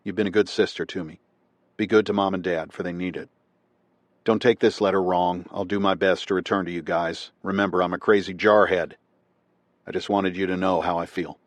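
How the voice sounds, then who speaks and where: Loving young Marine's letter home, read by a low-voiced male narrator, soft and earnest, dry audiobook sound. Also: fairly even intonation, a little fast, dry recording, natural voice. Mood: tender. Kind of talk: scripted nonfiction narration.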